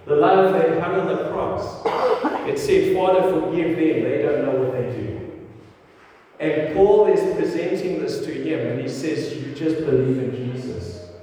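A man's voice: on the high side, a little slow, mellow, slight background noise. A man preaching a sermon to his congregation in an earnest, direct way, speaking in a church. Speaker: pastor. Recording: echoey hall, mic at a distance.

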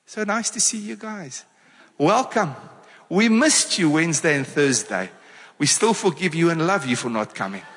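A man with a South African accent delivers an energetic sermon, firing rhetorical questions at his congregation. His voice sits high and bright, and he speaks at an unhurried pace. A long church-hall reverb trails after each phrase. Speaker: pastor.

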